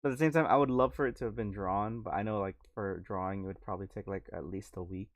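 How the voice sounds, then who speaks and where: A man talks loosely on a gaming livestream, his voice sitting on the low side. He rambles, jokes and trips over his words as he restarts sentences. The sound is dry and close, with no room around it. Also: fast talker, dry recording. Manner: rambling, joking, stammering restarts. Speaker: streamer. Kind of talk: casual livestream chat while gaming.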